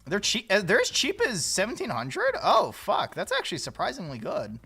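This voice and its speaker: Guy streaming, swears a lot, laughs loud, bright voice that jumps all over, faint music behind. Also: high-pitched, huge pitch swings, moderate pace, vocal fry, breathy edge. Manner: swears freely, laughs loudly, rambling jokes. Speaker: livestream host. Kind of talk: casual livestream chat.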